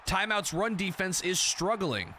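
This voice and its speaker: A young man streaming a football video game, commentating the plays in a casual, excitable and profane way, often breaking into shouts. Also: sits high, a little slow, slight background noise.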